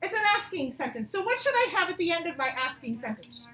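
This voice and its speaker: A woman teaching a grammar lesson to young children online, reading example sentences slowly and with exaggerated expression. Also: very high voice, big pitch swings, bright, forceful tone. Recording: echoey room, voice from a distance.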